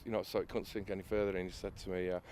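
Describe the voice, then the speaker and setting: A man's voice: low-pitched, little pitch movement, very fast, a little mellow. A man telling a story about restoring an old canal boat, hesitating often with uhs and restarts. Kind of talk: casual interview anecdote.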